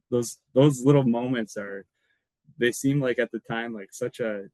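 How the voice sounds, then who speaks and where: Relaxed man telling stories, dry sound. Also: mid-range voice, a little slow, dry recording, low-quality recording. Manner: relaxed, rambling, laughs between anecdotes. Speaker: podcast guest, former college football lineman. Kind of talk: casual storytelling.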